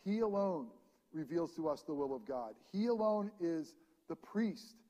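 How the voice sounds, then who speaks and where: A man preaching a sermon as pastor, reading scripture aloud and swinging between ringing proclamation and hushed, intimate passages. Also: on the high side, animated, a little slow. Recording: long reverb of a large hall.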